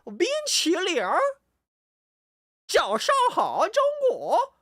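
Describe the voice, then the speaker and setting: A man's voice: extremely high pitch, huge pitch swings, takes it slowly, fairly bright tone, dry recording, clean studio sound, pitched above the performer's own voice, heavily acted. A man putting on an exaggerated mainland Chinese Mandarin accent, with a sing-song voice that swoops up and down.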